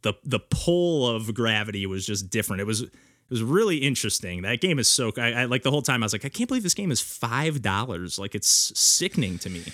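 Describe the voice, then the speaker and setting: A man's voice: fairly low pitch, animated, fast, a bit bright, dry recording, clean studio sound. A man hosting a casual podcast chat, telling stories animatedly with lots of filler words. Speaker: podcast host and streamer.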